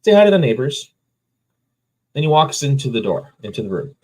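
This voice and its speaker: Lively husky man reviewing a movie. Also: medium pitch, a little fast, rough recording. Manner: lively, trivia-sharing, laughs often. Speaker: podcast co-host. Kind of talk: casual movie review chat.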